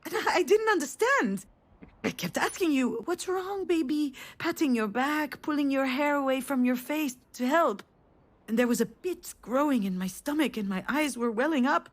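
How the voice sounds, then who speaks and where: A woman voicing a mother in a video game, telling a family memory in a warm storytelling manner. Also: high voice, normal speed. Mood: tender. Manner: warm storytelling, rising to excited cries. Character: tender mother remembering a family trip.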